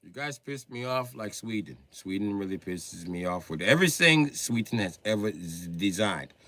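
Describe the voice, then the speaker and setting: A man on a livestream who rants about cars in a profane, excitable way, now and then bursting into a shout. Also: on the low side, moderate pace. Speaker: livestreamer and car mechanic. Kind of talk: profane ranting livestream chat.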